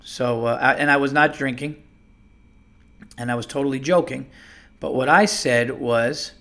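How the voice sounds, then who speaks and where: A man hosting a podcast, telling a comic story as an animated, profane and exasperated rant. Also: medium pitch, measured pace. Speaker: podcast host.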